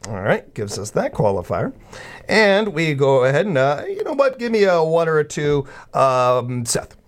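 A man's voice: on the high side, sing-song, moderate pace. A man hosting a local radio show in a casual, chatty way, laughing easily. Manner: chatty, laughs easily, light filler words. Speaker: radio host.

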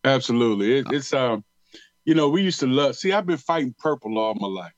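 A man's voice: mid-range voice, brisk, no echo, dull audio. A middle-aged man from Detroit, a retired pro football player, telling stories in a casual interview with slangy talk and many repeated words. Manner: animated storyteller, drawls and repeats words, slangy.

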